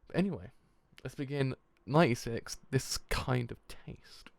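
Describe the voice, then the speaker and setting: A young man streaming a live manga reaction, reading the panels aloud and swearing as he shouts in disbelief. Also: medium pitch, a little slow, vocal fry, no echo. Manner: reads manga dialogue aloud.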